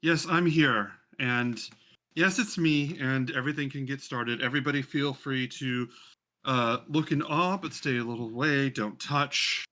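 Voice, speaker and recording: A man's voice: mid-range voice, unhurried, sharp tone. A man voicing a grand, haughty seven-foot-tall noblewoman who is gracious but condescending. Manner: theatrical, gracious yet condescending.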